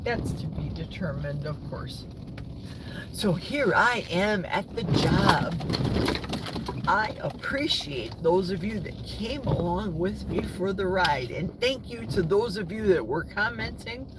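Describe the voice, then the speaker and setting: A woman's voice: lowish voice, lively intonation, slow. A woman in her sixties from the United States, chatting on a live stream from her parked car and answering viewer comments in a rambling, talkative way. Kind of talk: casual live-stream chat. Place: parked vehicle. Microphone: phone held in the car. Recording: car noise in the background. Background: vehicle noise.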